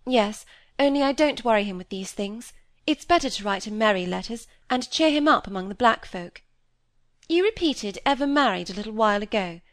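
A woman voicing a lively, flippant young woman who talks in a breezy, dismissive way. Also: on the high side, normal speed, dry recording, clean studio sound. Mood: light.

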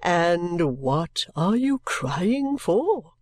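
A woman voicing a gruff, odd older gentleman who speaks slowly and bluntly in a storybook reading, in a breathy, lowered voice. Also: big pitch swings, dry recording, studio quality, full character voice. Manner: slow, blunt, grumbling.

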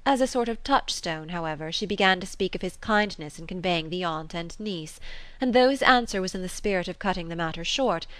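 A woman narrating an audiobook of a classic novel in a measured, even manner. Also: lowish voice, no room sound.

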